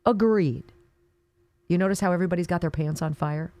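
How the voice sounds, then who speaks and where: A woman's voice: lowish voice, fairly quick, darkish tone. A woman hosting a talk radio show, delivering an indignant, sarcastic monologue with mocking asides.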